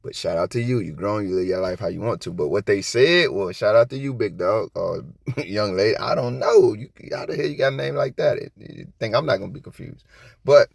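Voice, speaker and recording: Gravelly guy ranting on his vlog, blunt, cusses a lot, goes off on tangents, dry close sound. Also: on the low side, fairly quick, dry recording. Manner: rambling, blunt and profane, talks straight to the viewers. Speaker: commentary channel host. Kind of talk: casual commentary vlog.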